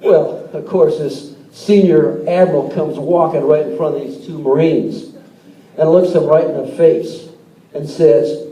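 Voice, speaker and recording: Older man in his sixties, politician on stage, joke-telling stump speech, high voice, roomy hall with an audience. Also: fairly even intonation, unhurried, warm tone. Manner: folksy, tells jokes, repeats words. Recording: echoey hall, distant mic, crowd noise.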